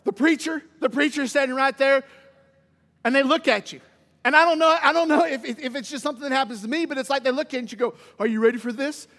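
A man preaching a sermon, moving from loud exclamations to quiet asides and folksy stories. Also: extremely high pitch, fast talker. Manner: folksy, humorous anecdotes. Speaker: pastor. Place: church sanctuary. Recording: long church reverb.

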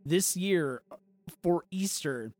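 A man co-hosting a casual podcast chat, telling a food story with profane, animated enthusiasm. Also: high-pitched, slow pace. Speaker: podcast co-host.

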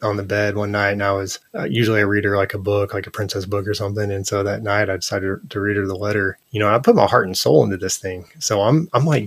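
A man in his thirties, a podcast guest, telling personal stories in an earnest, animated way with lots of "like" and "you know". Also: fairly low pitch, dry recording. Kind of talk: casual interview conversation.

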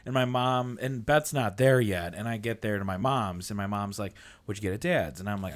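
A man's voice: fairly low pitch, fairly quick, few pauses. A man co-hosting a casual podcast, telling rambling stories full of swearing and laughter. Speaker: podcast co-host.

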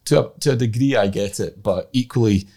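Man hosting a podcast, measured and steady. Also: lowish voice. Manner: measured, steers the conversation, thinks aloud. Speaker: podcast host. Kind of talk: casual podcast chat.

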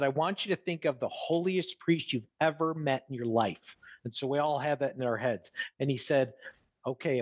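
A man's voice: medium pitch, dull audio. A man from New York talking earnestly and emphatically as a podcast guest. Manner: earnest, emphatic, animated preaching tone. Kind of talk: casual podcast conversation.

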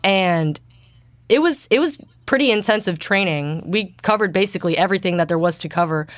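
A young woman voice actor with a naturally deep voice, a little congested from allergies, answering interview questions casually. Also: expressive, fairly quick, dry recording. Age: young adult. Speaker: guest voice actor.

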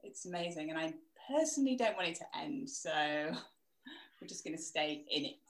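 A woman's voice: deep voice, animated, moderate pace. A woman speaking as a podcast guest over a video call, encouraging and laughing easily. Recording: roomy echo.

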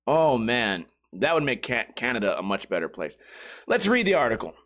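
A man's voice: mid-range voice, normal speed. A man hosting a comedy show, reading a strange news story and riffing on it with crude jokes and frequent laughter. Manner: animated, crude, laughs often, mocking asides. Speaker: comedy podcast host.

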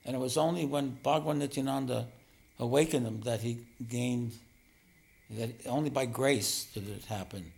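A man gives a spiritual teaching talk as a meditation teacher, gentle and self-deprecating, often chuckling. His mid-range voice is creaky, with a steady tone at normal speed.

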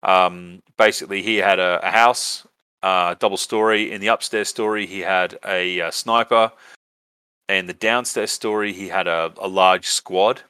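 A man's voice: sits low, fairly even intonation, a little slow, sharp tone, clean tone, no room sound. An Australian man hosting a podcast, telling a rambling story casually, with lots of fillers and swearing. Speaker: podcast host.

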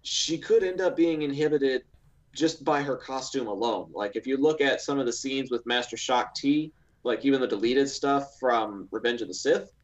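A man's voice: medium pitch, normal speed. Male co-host, casual talker, keeps restarting his sentences, dull lo-fi mic sound. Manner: rambling, with many restarts and filler likes. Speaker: podcast co-host. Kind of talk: casual podcast chat.

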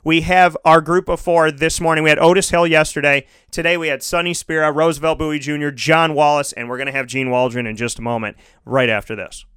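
A man's voice: fairly high pitch, smooth. Hyped-up male sports radio host. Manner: excitable, rapid-fire, hyped-up. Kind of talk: energetic sports talk radio.

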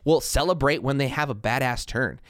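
A man's voice: mid-range voice, a little fast, dry recording, clean studio sound. A man co-hosting a casual board game podcast, chatty and reflective, with frequent fillers and easy laughs. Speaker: podcast co-host.

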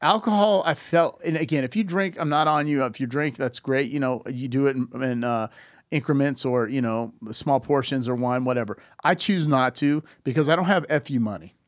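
A man's voice: mid-range voice, moderate pace, dry recording, studio quality. A man in his fifties talking casually on a podcast, telling stories animatedly, acting out quoted dialogue and often restarting his sentences. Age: 50s. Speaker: podcast guest.

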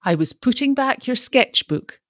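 A woman's voice: high-pitched, expressive, unhurried, fairly bright tone, no echo, pitched above the performer's own voice. Woman narrator voicing a fragile young heroine; timid and uneasy, dry recording. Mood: desperate.

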